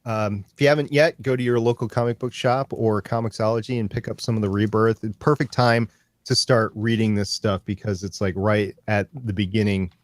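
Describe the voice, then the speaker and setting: Low-voiced man hosting a casual podcast. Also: fairly even intonation, a little fast, dry recording. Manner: rambling, stop-start, enthusiastic. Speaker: podcast host. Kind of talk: casual podcast chat about comics.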